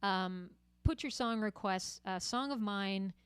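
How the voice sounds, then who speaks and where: A woman musician hosting a livestream, chatting casually and warmly to her viewers with plenty of filler words. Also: medium pitch, takes it slowly, clear, resonant tone, no echo. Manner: chatty and friendly, with frequent fillers.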